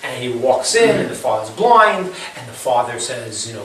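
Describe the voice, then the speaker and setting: A man's voice: medium pitch, very animated, moderate pace, hardly any pauses, fairly bright tone. A man teaching an informal Bible class, retelling the story in a chatty way and asking rhetorical questions. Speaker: Torah teacher. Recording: very echoey room, far from the mic, faint hiss.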